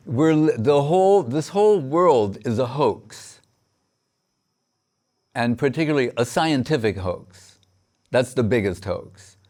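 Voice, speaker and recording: Slow-speaking man giving a spiritual talk. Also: lowish voice, darkish tone. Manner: halting, many fillers and restarts, recites verses. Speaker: spiritual teacher. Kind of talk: sermon on scripture.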